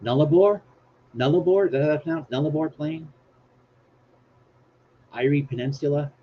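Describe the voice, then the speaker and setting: A slightly high-voiced man keeps a steady tone and moderate pace while hosting a casual live stream, where he rambles, jokes about himself, and reads his screen aloud. The sound is dull, lo-fi, and faintly hissy.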